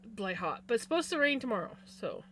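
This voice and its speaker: A slightly high, somewhat bright female voice swings widely in pitch and moves quickly, with a little background noise. While crocheting on stream, she chats casually, says hi to viewers by name, and yawns now and then, recorded on a desk mic in a home room with a fan.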